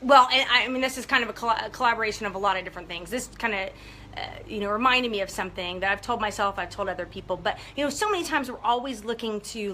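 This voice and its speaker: A woman business coach talking casually and excitedly to viewers on a live video and calling out their names. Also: medium pitch, quick pace, slight background noise. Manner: upbeat, gushing, talks to viewers by name.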